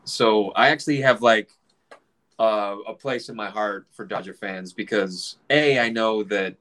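A man in his forties telling a casual story, animated, swearing freely and acting out other people's voices. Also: lowish voice, unhurried.

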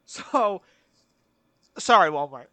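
A man's voice: high voice, lively intonation, takes it slowly, sharp tone, no echo. A young man co-hosting a podcast, telling a rambling story with casual swearing. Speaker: podcast co-host. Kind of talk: casual chat.

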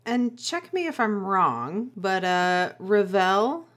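A woman's voice: medium pitch, big pitch swings, slow, a bit bright. A woman co-hosting a podcast, chatting in a playful, teasing way and telling jokes. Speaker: podcast co-host. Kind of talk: casual chat.

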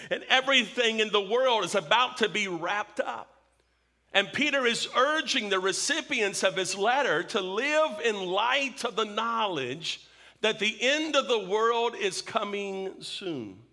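A man preaching an evening sermon in a high voice, each point laid down slowly. He is emphatic and repeats his questions for effect, leaning on key words. The tone stays bright and clear throughout. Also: expressive. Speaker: pastor.

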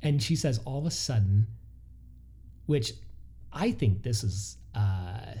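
A man co-hosting a podcast, telling a listener's story in a casual, animated way with frequent laughs. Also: medium pitch, husky. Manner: animated, laughs often, quick asides. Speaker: podcast co-host.

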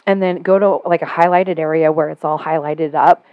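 A middle-aged woman hosting a casual podcast chat, telling a story with animated, sarcastic energy and getting louder as she goes. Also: sits low, normal speed, no room sound, lo-fi sound. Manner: animated storytelling, sarcastic when quoting herself.

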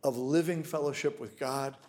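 A man preaching a sermon as a pastor, swinging from loud, emphatic declarations to hushed, intimate storytelling. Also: mid-range voice, fairly even intonation, moderate pace.

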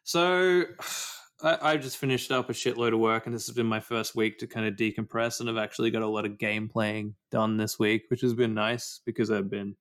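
A man's voice: on the low side, fairly even intonation, moderate pace, a bit bright. Sweary ranting man. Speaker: podcast co-host. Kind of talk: casual chat about video games.

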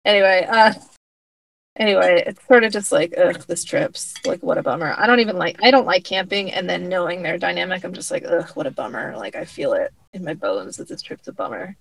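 A woman casually recapping a TV episode with a friend, retelling scenes with quick acted-out quotes and laughter. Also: on the low side, gravelly, poor audio. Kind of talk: casual chat recapping a TV show.

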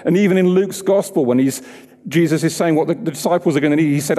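Male preacher, mellow tone, conversational and engaging, long church echo. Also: a little high, quick pace. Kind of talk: sermon.

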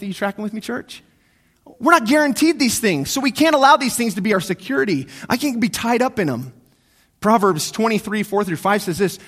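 A man with a notably high voice preaches a sermon in church. He alternates quiet, slowed-down reflection with rising, insistent calls to his listeners, hammering key words by repeating them. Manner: swings between hushed, slow reflection and raised, urgent exhortation; repeats key phrases for emphasis. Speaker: pastor.

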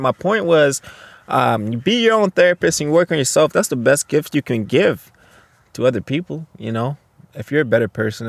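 A man's voice: medium pitch, creaky, no room sound. A man from Canada hosting a casual solo podcast, rambling and ranting with heavy swearing. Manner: profane, rambling, heated ranting. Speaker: podcast host.

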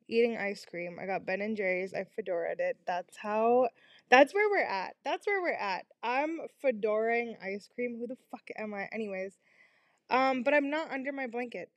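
A woman's voice: fairly high pitch, no echo. Rambling young woman, confessional podcast. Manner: rambling, self-deprecating, swearing, frequent fillers. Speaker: podcast host. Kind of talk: casual confessional chat. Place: her bedroom. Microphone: small home microphone.

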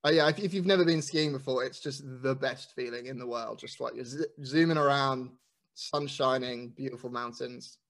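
A man's voice: medium pitch, normal speed, a bit bright. A man from England with a slight London accent, a podcast guest who answers hesitantly with lots of ums and restarts. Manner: hesitant, many fillers. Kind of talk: casual interview chat.

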